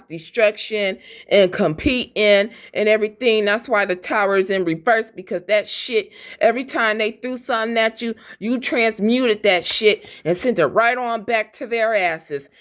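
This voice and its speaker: A woman's voice: medium pitch, a little slow. Blunt, profane woman reading tarot. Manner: blunt, profane, fiery and defiant. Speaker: tarot reader.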